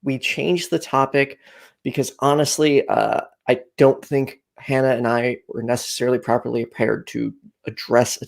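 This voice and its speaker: A man's voice: mid-range voice, vocal fry, a little mellow. A man hosting a casual call-in chat show from home, rambling and a bit anxious, with lots of fillers. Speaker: host. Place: home room, packing up for a move.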